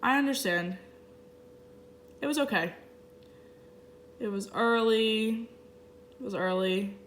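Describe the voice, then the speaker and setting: Woman voicing a signed story, halting. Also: a little high, lively intonation, a bit bright, a little hiss or hum. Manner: halting, piecemeal phrasing with restarts. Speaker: sign language interpreter.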